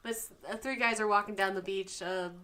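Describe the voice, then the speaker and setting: A woman on a casual chat podcast telling a long joke to her friends. She talks in a relaxed, chatty way, at a middle pitch. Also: normal speed. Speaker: podcast co-host.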